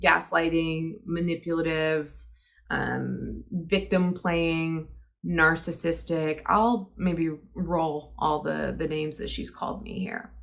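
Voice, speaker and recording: Young woman, lowish voice, hesitant, earnest, storytime vlog. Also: slow pace, creaky. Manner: hesitant, earnest, many ums. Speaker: vlogger.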